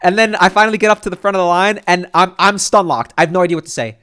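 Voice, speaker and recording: Fast, high-voiced young man telling a story. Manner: excitable, profane, rambling with restarts. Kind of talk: casual storytime.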